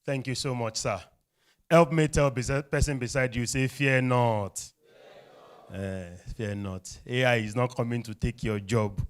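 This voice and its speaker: A man with a Nigerian English accent hosting a live event, leading the crowd in energetic call-and-response. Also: medium pitch, normal speed. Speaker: event host. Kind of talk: lively event emceeing. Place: event hall.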